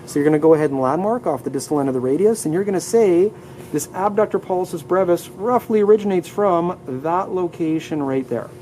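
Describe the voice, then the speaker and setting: A man's voice: high voice, brisk, dark tone, slight background noise, poor audio. A man teaching anatomy in a live classroom lecture, upbeat, leading students through muscle names and asking them to repeat terms aloud. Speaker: anatomy instructor.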